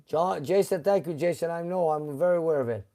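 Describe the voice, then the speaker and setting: A middle-aged man hosts a casual live stream from his garage and reads viewer comments aloud. His voice sits a bit high for a man but sounds mellow and soft-edged. He talks in a relaxed, unhurried way and stops often on "uh" as he hunts for words. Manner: relaxed, halting, with many uh fillers.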